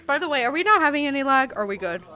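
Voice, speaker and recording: A woman's voice: sits high, sing-song, rapid-fire, pushed and bright. A young woman with a Southern US accent, chatting and giggling casually through a live game stream. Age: young adult. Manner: chatty, giggly, easily sidetracked.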